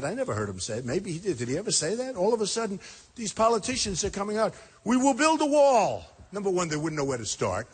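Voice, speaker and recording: A man in his sixties giving a rambling, emphatic campaign rally speech in a packed high school gym, repeating his points and talking straight to the crowd. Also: husky. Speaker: political candidate.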